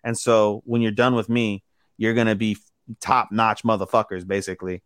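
A man's voice: lowish voice, normal speed, smooth, no room sound, studio quality. A man co-hosting a podcast, casually recapping an episode and acting out the characters' lines as he goes. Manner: animated retelling that acts out characters' lines with lots of "he's like". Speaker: podcast co-host.

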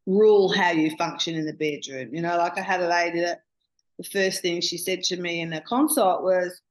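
A woman, a coach telling client stories in a chatty, animated interview. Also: fairly low pitch, normal speed, poor audio. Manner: chatty, animated storyteller with frequent "you know". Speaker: intimacy coach guest. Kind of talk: casual storytelling interview.

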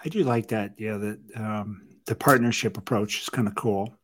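Halting, musing man hosting a podcast. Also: on the low side, steady tone. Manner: musing, halting, many fillers and self-corrections. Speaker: podcast host. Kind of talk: casual interview conversation.

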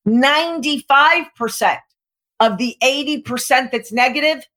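A middle-aged woman speaking as a guest coach on a podcast, animated and emphatic, often acting out voices. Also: high-pitched, a little slow. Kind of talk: podcast interview, coaching talk.

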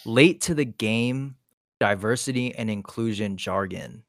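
A man's voice: on the low side, a little slow, no echo, clean studio sound. A man co-hosting a podcast, ranting in frustration, swearing and tripping over restarts. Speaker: podcast co-host. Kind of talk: casual podcast rant.

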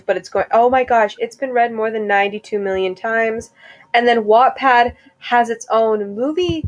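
A young woman co-hosting a casual chat, rambling and chatty with quick bursts of laughter. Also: mid-range voice. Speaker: co-host.

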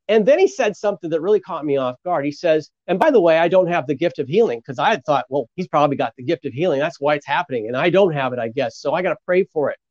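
A man's voice: a little high, expressive, quick pace, few pauses, a little mellow, no room sound. A man, a pastor, telling a story as an interview guest, acting out the voices of the people he quotes. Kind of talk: storytelling testimony. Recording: muffled lo-fi sound.

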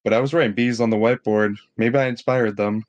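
A man's voice: mid-range voice, fairly even intonation. A young man co-hosting a casual podcast, sounding tired, joking goofily and laughing often. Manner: goofy, laughs often, drawn-out jokey asides. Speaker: podcast co-host. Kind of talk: casual chat among friends.

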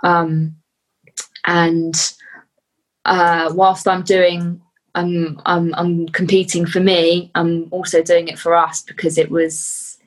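A young woman talks as a podcast guest in a slightly low voice. She speaks earnestly and from the heart, stopping often with soft fillers as she finds her words. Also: low-quality recording. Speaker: podcast guest, fitness athlete. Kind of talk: casual interview chat.

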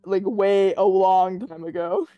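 A woman playing in a tabletop game, chatting about her character in a halting way with fillers. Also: mid-range voice, fairly even intonation, no room sound, lo-fi sound, faint music behind. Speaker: player. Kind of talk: casual role-play chat.

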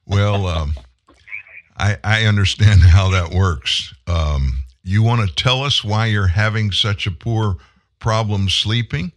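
A man's voice: on the low side, slow pace, a bit bright. A man hosting a radio show, chatting in a folksy, joking way with a caller. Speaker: radio host. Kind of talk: casual radio chat.

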